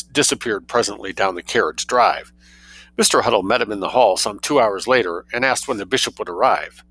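Guy reading a story out loud, lowish voice, lots of ups and downs, bright tone. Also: dry recording, poor audio. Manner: lively, expressive reading with casual asides. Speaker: reader. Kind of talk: reading a short story aloud.

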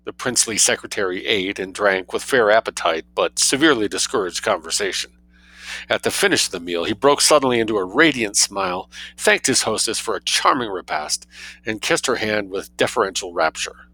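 A man reading a short story aloud in an expressive way, dropping in casual asides. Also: lowish voice, fairly quick, dry recording, low-quality recording. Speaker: reader.

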